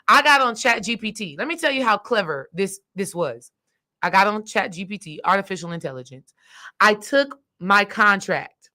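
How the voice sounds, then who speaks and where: A woman, a spiritual coach, telling a personal story in a casual monologue, emphatic and animated, speaking straight to her listeners. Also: medium pitch. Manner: animated, acts out quoted dialogue; emphatic, addresses listeners directly.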